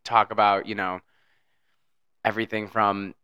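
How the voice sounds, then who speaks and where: A man's voice: fairly low pitch, a little slow, clean tone, dry recording, lo-fi sound. A man co-hosting a podcast, talking in playful casual chat full of jokes. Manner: playful, joking, very lively intonation. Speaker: podcast co-host.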